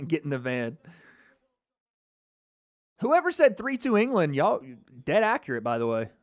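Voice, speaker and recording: An American man giving an excitable live reaction to a football match as a YouTube host, swearing and breaking into shouts. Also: a little high, a little slow. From United States.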